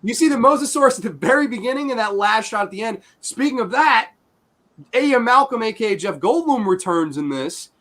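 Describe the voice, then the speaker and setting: A man hosting a casual podcast, reviewing films in an animated style and swearing freely. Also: extremely high pitch, fairly quick. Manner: animated, swearing, voices his own reactions. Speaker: podcast host. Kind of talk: casual movie review chat.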